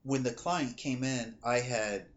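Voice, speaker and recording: A man's voice: mid-range voice, unhurried, lo-fi sound. A man co-hosting a casual podcast as a psychic reader, telling stories animatedly and acting out what people said. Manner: animated storytelling, acts out quoted dialogue. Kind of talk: casual chat, storytelling.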